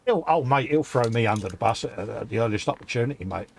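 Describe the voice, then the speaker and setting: A man's voice: medium pitch, animated, fast talker, gravelly, husky. A middle-aged man with a southern English accent, co-hosting a casual live stream and bantering matily with his friend. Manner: matey banter, calls his friend "mate". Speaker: co-host.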